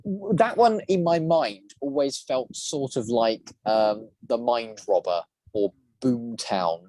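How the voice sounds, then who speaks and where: A man chatting as a podcast guest, rambling and restarting his sentences as he goes. His voice sits at an ordinary middle pitch. The recording is dry and close, with almost no room sound. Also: slow pace, no echo. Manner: rambling, many restarts, lively. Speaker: guest, voice actor and prop maker. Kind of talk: casual podcast chat.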